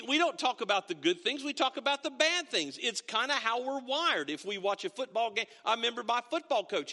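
A man's voice: sits high, pushed and bright, long reverb tail. A middle-aged male pastor preaching a sermon in a folksy, conversational way, telling stories with frequent restarts. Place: church sanctuary.

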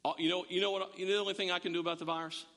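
Animated male preacher in a reverberant hall. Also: high-pitched, rapid-fire. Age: middle-aged. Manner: animated, joking, with frequent restarts. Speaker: pastor. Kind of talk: sermon.

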